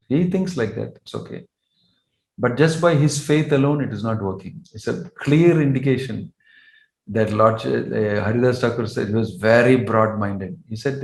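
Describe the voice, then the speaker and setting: A man's voice: medium pitch, normal speed, darkish tone. A man, a monk, giving a devotional lecture in an earnest manner, telling stories and asking rhetorical questions. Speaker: monk and spiritual teacher. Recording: roomy echo.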